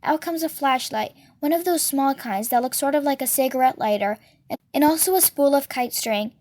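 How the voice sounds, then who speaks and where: A woman reading a novel aloud as a storyteller, with steady and expressive delivery. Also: sits high, moderate pace.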